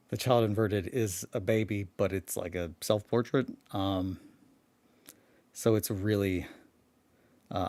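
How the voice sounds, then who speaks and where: Man, very deep voice, just woken up, rambling casual chat, swearing, dry close sound. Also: darkish tone, no room sound. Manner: rambling, self-interrupting, swears freely. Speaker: hobby vlogger.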